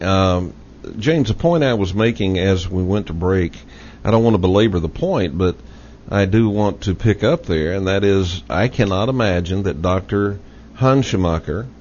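A low-pitched man with a Texas accent hosts a talk radio show and drives his points home in a folksy, insistent way. The audio is dull and lo-fi, with a faint hiss underneath. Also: darkish tone. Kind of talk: casual talk radio discussion.

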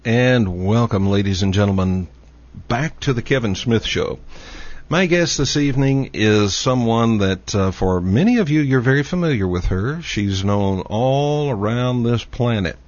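A man with a Texas accent hosting a talk show, speaking slowly with many pauses and fillers as he introduces and interviews a guest. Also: medium pitch, animated, a little mellow. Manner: slow, halting, with many "uh" fillers. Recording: dull lo-fi audio.

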